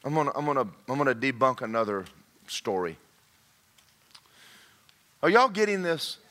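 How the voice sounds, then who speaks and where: A man preaching a humorous sermon, shouting his punchlines. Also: mid-range voice, very animated, normal speed. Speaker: pastor. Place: church sanctuary.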